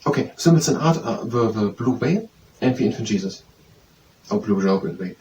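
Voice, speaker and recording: A man's voice: lowish voice, expressive, normal speed, darkish tone, dull audio. Man quizzing himself, mic far off. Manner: repetitive self-quizzing, hesitant restarts. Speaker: student memorizing aloud. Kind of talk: thinking aloud while studying. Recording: distant mic with faint background noise.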